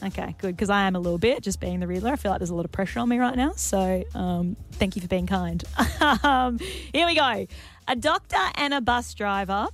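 An Australian woman co-hosting a breakfast radio show, giggly and self-mocking, quick to laugh at her own slips. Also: medium pitch, expressive. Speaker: radio co-host. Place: radio studio.

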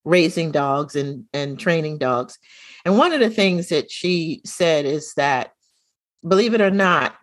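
Animated middle-aged woman telling a story. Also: sits low, dry recording. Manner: animated storyteller, acts out quoted dialogue. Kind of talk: casual chat, storytelling.

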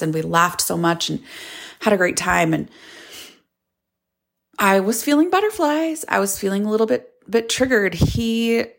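Candid woman with a gravelly voice. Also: mid-range voice. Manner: candid, confessional, yawning at times. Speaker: podcast host. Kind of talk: personal storytelling monologue.

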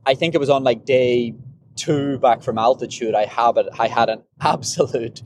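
A man's voice: medium pitch, moderate pace, a little hiss or hum. A man hosting a podcast in a casual, rambling monologue about running, often repeating and restarting words. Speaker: podcast host, runner.

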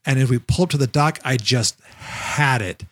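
A man's voice: medium pitch, normal speed. A man co-hosting a podcast, telling a long story in casual chat and acting out the quotes as he goes. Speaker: podcast co-host, former Jungle Cruise skipper.

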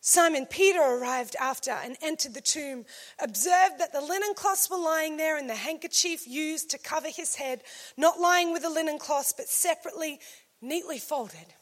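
A woman preaching a sermon, swinging from loud emphasis to hushed scripture reading. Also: high-pitched, normal speed.

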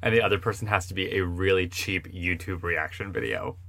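A man's voice: low voice, fairly even intonation, a little fast, gravelly, bright, forceful tone, dry recording. A man co-hosting a podcast in casual chat, playful and jokey. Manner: playful, jokey, does silly bits. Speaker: podcast co-host.

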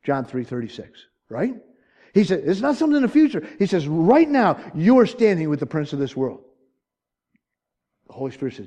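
A man preaching a sermon in an earnest way, pleading loudly at times and then dropping to a hushed, choked-up voice. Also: on the high side, sing-song, normal speed, dull audio. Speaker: pastor.

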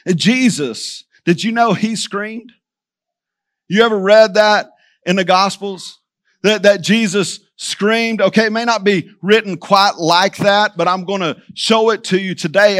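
A pastor preaches to his church, and his voice sits high for a man. He drives his points home with repetition, turning again and again to the people in front of him. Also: a bit bright. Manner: preaching with emphatic repetition, addressing the church directly. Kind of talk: sermon.

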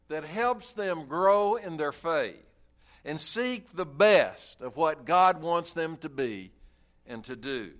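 Man, pastor, sermon, earnest, emphatic, very slow, fairly high voice. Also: fairly bright tone. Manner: earnest, emphatic storytelling with drawn-out phrases.

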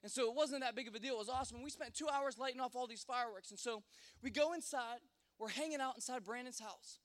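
A man with a very high voice tells an animated, comic personal story to a listening audience. He rambles, stumbles over restarts and leans on fillers. Long reverb from a large hall trails every line. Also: fast.

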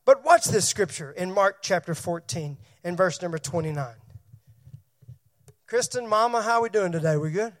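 A man's voice: sits high, expressive, normal speed. A man preaching a sermon as pastor to his church, calling on members by name and asking them questions.

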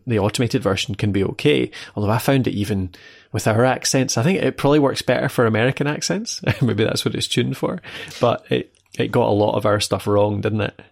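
A Scottish man co-hosting a podcast with a low, gravelly voice. He talks in a loose, chatty way and keeps checking in with his co-host through tag questions. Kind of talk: casual chat.

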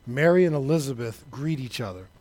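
A man preaching a sermon, talking straight to the congregation, building to shouted peaks and then dropping low and quiet. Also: expressive, fairly quick. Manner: conversational, addresses the congregation directly.

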